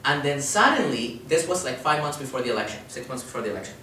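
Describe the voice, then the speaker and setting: A man giving a public talk as an activist, telling a story with lively quotes and a frequent "right?". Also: mid-range voice, quick pace, a little hiss or hum. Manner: animated storyteller, acts out quotes, tag question "right?". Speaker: activist speaker. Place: lecture hall. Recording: echoey hall, speaker far from mic.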